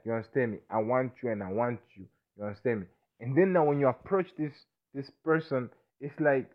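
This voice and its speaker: Drunk-ish guy rambling into his recorder, keeps asking if u understand him, mid pitch, sounds thin like a phone line. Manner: rambling, repetitive, stammering restarts, keeps asking "you understand me?". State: intoxicated. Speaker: self-recording monologuist. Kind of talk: rambling self-recorded monologue.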